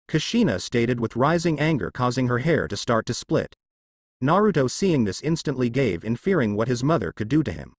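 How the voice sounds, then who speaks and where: Male storyteller for fan fiction, steady read with a lively pitch. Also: moderate pace, no room sound. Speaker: narrator.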